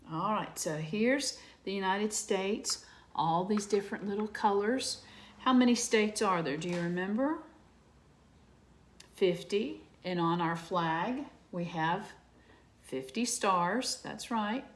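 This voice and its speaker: Gentle sing-song woman teacher. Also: medium pitch, a little hiss or hum. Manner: gentle, sing-song, asks children questions. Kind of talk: teaching young children.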